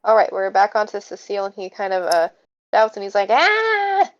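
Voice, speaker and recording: A woman's voice: medium pitch, fairly even intonation, quick pace. A woman narrating as game master of a tabletop game, hesitant with many fillers. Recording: dull lo-fi mic.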